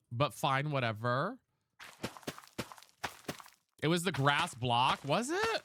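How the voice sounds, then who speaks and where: A man's voice: mid-range voice, big pitch swings, measured pace, pauses often, sharp tone, slight background noise. A man streaming a video game live, chatting casually and sassily while reading out his chat. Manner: sassy, chatty, reads chat aloud.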